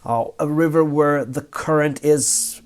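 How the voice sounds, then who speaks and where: Man teaching lyrics slowly. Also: a little high, steady tone, clean tone. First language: Italian. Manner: slow, thinking aloud, switching between Italian and English. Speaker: Italian language teacher. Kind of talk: lyrics translation lesson.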